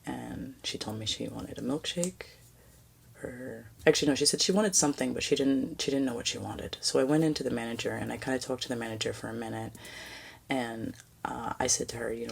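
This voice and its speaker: A woman's voice: a bass voice, a little fast, creaky, slight background noise. A woman hosting a podcast, telling a personal story in a rambling, reflective way that often drops to near-whispers. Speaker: podcast host.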